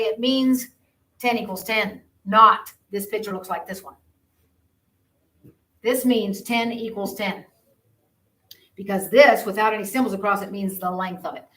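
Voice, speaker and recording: A woman teacher lectures her math class in a loose, conversational way, circling back and repeating her points. Her voice sits at an ordinary pitch. She is picked up from across a roomy, echoing classroom. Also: fairly bright tone. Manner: conversational, repeats herself while explaining. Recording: roomy classroom audio from a distance.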